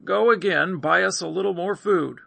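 Grieving old father, as a man puts him on, anguished, raspy, high and bright, scripture reading. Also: normal speed, dry recording, heavily acted. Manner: lamenting, anguished.

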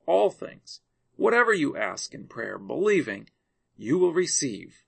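A man voicing a compassionate male teacher in a scripture reading, speaking in a calm, earnest, measured way. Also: a little high, creaky, husky, exaggerated voice.

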